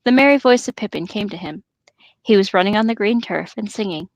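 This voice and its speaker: A woman's voice: medium pitch, expressive, brisk, dry recording, muffled recording. A woman reading a novel aloud for a podcast, putting on voices for the characters and making chatty asides. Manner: reads dialogue in put-on hobbit voices, chatty asides. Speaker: podcast reader.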